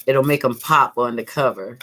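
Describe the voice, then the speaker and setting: A woman giving a casual crafting tutorial, chatty and calm, thinking aloud while she works. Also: extremely low pitch, moderate pace. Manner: calm, soothing. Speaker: craft vlogger.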